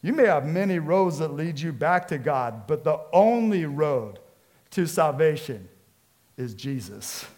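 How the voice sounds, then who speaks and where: A man's voice: fairly high pitch, sing-song, unhurried, a little mellow. A man preaching a sermon as pastor, emphatic and conversational, and he mixes in casual slang.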